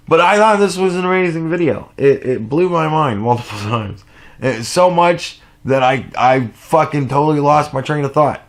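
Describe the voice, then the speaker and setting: A man giving casual reaction commentary, animated and profane, rambling with restarts and sounding sleep deprived. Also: on the high side. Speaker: commentary vlogger.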